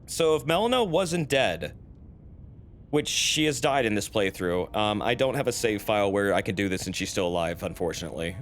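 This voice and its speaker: A man's voice: lowish voice, animated, moderate pace, slight background noise. A man streaming a game, casually chatting, reacting and explaining it to viewers. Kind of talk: casual gameplay commentary. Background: game music.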